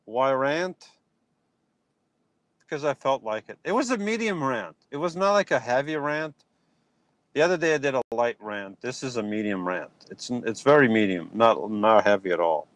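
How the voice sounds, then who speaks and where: A man holds a casual live stream on his phone from a yard at dusk, animatedly reacting to and answering what viewers write. His mid-range voice moves at normal speed, with no room sound.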